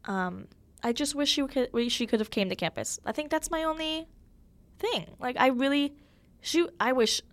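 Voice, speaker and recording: A woman's voice: high-pitched, moderate pace, no room sound. A young woman hosting a podcast, talking candidly and emotionally in a casual chat full of fillers. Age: young adult. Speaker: podcast host.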